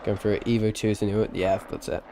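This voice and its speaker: A man's voice: on the low side, flat delivery, fast, vocal fry, warm tone, slight background noise. A man giving live-streamed sim racing commentary, chatty and rambling, with self-deprecating asides and a tired edge.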